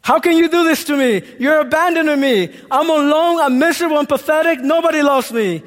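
A man's voice: very high voice, brisk, a bit bright. A man putting on a whiny, bitter blind wife. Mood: wailing. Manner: whiny, self-pitying complaints. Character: bitter despairing blind wife, adult woman. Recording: echoey hall.

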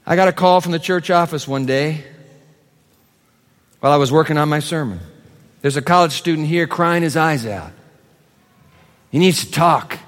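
A man preaches to his congregation with a fairly high voice. He moves between big, slow proclamations and quiet, rapid asides. His words ring out with long reverb in a church sanctuary. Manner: dramatic swings between loud proclamation and hushed asides. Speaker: pastor. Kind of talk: sermon.

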